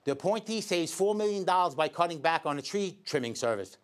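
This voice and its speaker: New electrician host, high-pitched voice, sarcastic editorial rant. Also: male voice, lively intonation, brisk. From Staten Island, New York. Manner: indignant, sarcastic, addresses people directly. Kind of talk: scripted editorial commentary.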